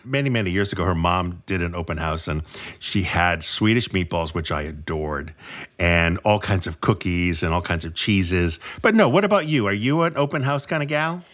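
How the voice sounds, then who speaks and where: Lively low-voiced man chatting. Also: moderate pace. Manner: lively, joking storyteller. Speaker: podcast guest. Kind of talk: casual chat.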